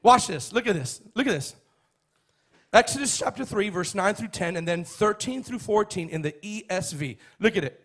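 High, bright-voiced preaching man. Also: expressive, moderate pace. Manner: emphatic, repetitive, builds to shouts. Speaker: pastor. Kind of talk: sermon.

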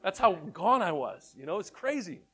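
A man telling his testimony in an animated storytelling way, excitable and repeating words in quick bursts. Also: high voice, breathy edge. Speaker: speaker sharing his testimony.

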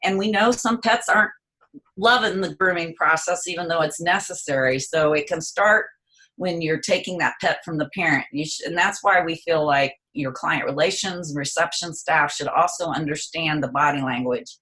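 A woman's voice: low-pitched, moderate pace, bright, forceful tone. A woman speaking as a guest expert on a call, explaining pet behavior in a conversational way and sometimes voicing a dog's thoughts. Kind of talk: conversational interview. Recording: voice on a call line.

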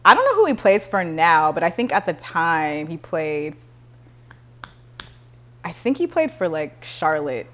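Laid-back woman with a lowish voice. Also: big pitch swings, a little slow, long pauses. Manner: laid-back, laughing, trailing off quietly. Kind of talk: casual chat.

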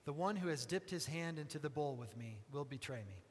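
A man's voice: on the high side, expressive, a little fast. Man reading scripture in an echoing hall. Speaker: scripture reader. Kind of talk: liturgical group reading. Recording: hall reverb, faint noise.

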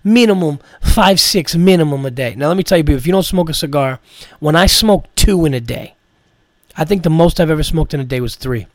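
Rambling, swearing comedian storyteller. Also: male voice, fairly high pitch, fast talker, no room sound, clean studio sound. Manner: rambling, swears freely, many "like" fillers. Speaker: comedian podcast host. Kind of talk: casual storytelling.

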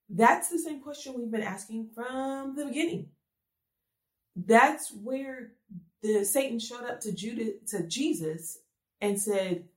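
A woman's voice: a little high, slow pace. A woman giving a conversational sermon, earnest and full of rhetorical questions. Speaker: speaker giving a devotional message. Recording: echoey room.

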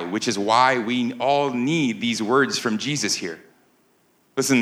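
A man's voice: mid-range voice, a bit bright, reverberant. A man preaching a sermon as pastor to a live congregation, in a conversational way and often asking the room "right?". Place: church sanctuary with a live congregation.

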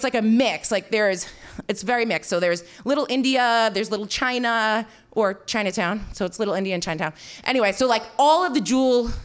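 A woman storyteller with a slightly high voice, talking in an animated, self-mocking way. She swears casually and leans on "like" as she tells a personal story. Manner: animated, swearing, heavy filler "like"; self-mocking, frequent laughter.

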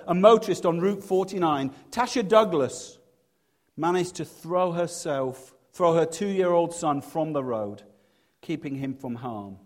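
A middle-aged man preaching a sermon, earnest and halting, with many restarts, dropping to a hush for personal stories. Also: mid-range voice.

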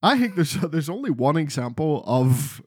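A man's voice: a little high, sing-song, moderate pace, darkish tone, husky, no room sound, clean studio sound. A man chatting casually about video games as a podcast co-host, rambling and swearing freely. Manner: sweary, rambling, restarts a lot.

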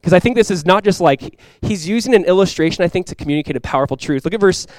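Fast-talking young pastor preaching. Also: male voice, no echo. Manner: swings from quiet earnest lows to loud excited highs; casual and conversational, with many "like" fillers. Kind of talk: sermon.

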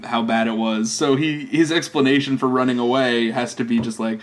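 A man's voice: mid-range voice, fairly even intonation, brisk. Chatty man with lots of fillers. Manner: chatty, laughs often, filler-heavy. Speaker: podcast co-host. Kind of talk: casual film discussion.

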